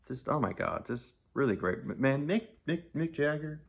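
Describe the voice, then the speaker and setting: A man's voice: a little high, lively intonation, moderate pace, creaky, hardly any pauses, breathy edge. A man giving a casual, enthusiastic, rambling album review, laughing often and gushing over songs. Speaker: music reviewer.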